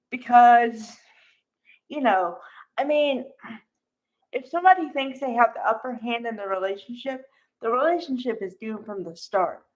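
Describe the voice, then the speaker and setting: Slow, chatty woman with a higher voice. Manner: chatty, drawn-out, many fillers and asides. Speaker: soap opera recap host. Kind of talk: casual commentary to viewers. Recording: dull lo-fi recording.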